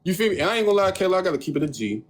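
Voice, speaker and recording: A young man hosts a livestream and tells a story on his phone, loose and full of swearing. He acts out other people's lines in mocking voices. His voice sits high, over a faint hiss of noise. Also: very fast. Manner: animated, profane storytelling, acting out others' lines in mocking tones. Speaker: livestream host.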